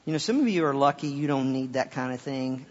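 A pastor preaching a sermon, swinging from loud emphatic peaks to quiet offhand asides and often repeating words. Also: male voice, medium pitch, lively intonation, a little fast. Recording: dull sound with long hall reverb.

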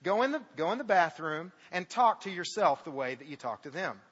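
A man's voice: high-pitched, big pitch swings, fairly quick, fairly bright tone, slightly rough. A middle-aged male pastor preaching in a church, telling the story with jokes and reading scripture with big dramatic emphasis. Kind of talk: sermon. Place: church sanctuary. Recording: dull reverberant hall sound.

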